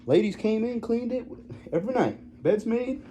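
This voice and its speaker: A man's voice: high voice, expressive, moderate pace, mellow, slight background noise, voice pushed up. A man imitating a boastful older male stranger in clipped, casual bragging phrases.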